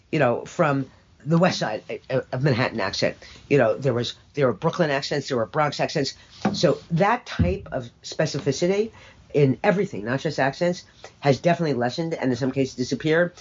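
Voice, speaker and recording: A woman's voice: sits low, expressive, a little fast, husky, dull audio. An older woman being interviewed, talking in an emphatic, opinionated, sardonic way with rambling asides. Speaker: interview guest. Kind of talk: conversational interview.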